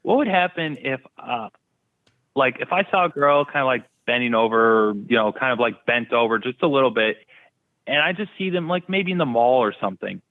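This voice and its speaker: A man's voice: medium pitch, brisk. A man telling stories as an interview guest in a casual, blunt way, with crude humor. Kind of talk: casual storytelling. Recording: thin phone-like line.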